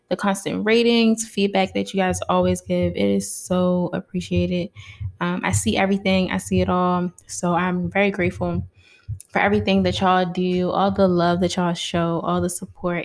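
A woman hosts her podcast with a slightly low voice, speaking close to a mic. She talks in a warm, heartfelt, casual way, calling her listeners y'all. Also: vocal fry. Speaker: podcast host. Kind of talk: casual solo podcast talk.

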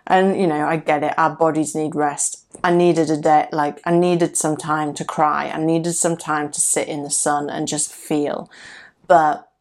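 A woman's voice: deep voice, little pitch movement, measured pace, darkish tone. A woman hosting her own podcast, talking casually, candidly and reflectively about her own experience. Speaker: podcast host. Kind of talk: casual solo podcast talk.

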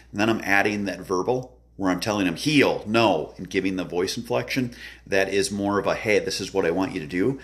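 Deep-voiced man explaining dog training. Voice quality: loud booming voice. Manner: earnest, repeats himself, acts out commands. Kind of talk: instructional talk.

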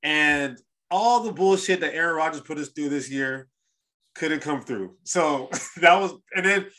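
A man hosting a sports podcast, talking in an animated, rambling way as he recaps games. His voice is bright and forward, sitting a little high for a man. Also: unhurried. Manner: animated, rambling storyteller with restarts. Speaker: podcast host. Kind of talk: casual sports chat.

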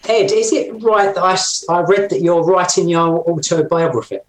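A man's voice: high voice, normal speed. Interviewing man in an echoey room. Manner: reads out listener questions. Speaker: host. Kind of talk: casual interview questions.

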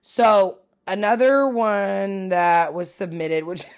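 A woman's voice: medium pitch, takes it slowly. A woman hosting a casual solo podcast from home, rambling and swearing as she mocks herself. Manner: rambling, profane, self-mocking. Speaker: podcast host.

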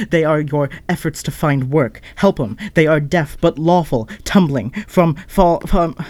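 A man's voice: a little high, no echo. A man performing experimental spoken-word poetry in a fragmented, associative way, breaking off with asides and apologies.

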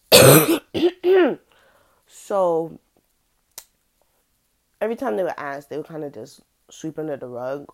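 A young woman telling a personal story in a casual, halting way, full of fillers and restarts. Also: deep voice, warm tone.

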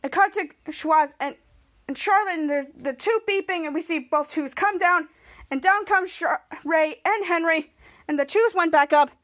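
A woman hosting a podcast, excitedly and ramblingly retelling a TV episode in a casual way. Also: very high voice, normal speed. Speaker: podcast host.

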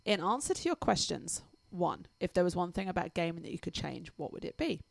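English woman, podcast co-host, giggly, gravelly edge, dry mic. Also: on the low side, very animated, fairly quick, no echo. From England. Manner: giggly, laughs often between lines. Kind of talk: casual chat, reading a listener email aloud.

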